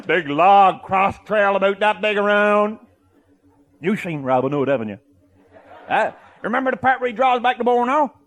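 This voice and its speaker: An older man telling a comic tall tale, boisterous and loud, often laughing as he talks. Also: high-pitched, lively intonation, normal speed. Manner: boisterous, often shouting and laughing mid-sentence. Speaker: storyteller.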